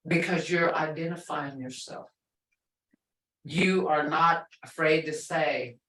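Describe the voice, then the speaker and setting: An older woman from the Muscogee Nation teaching a casual language class, slow and patient, repeating words for learners. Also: sits low, steady tone, fairly bright tone, reverberant, distant mic, poor audio. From Muscogee (Creek) Nation, Oklahoma.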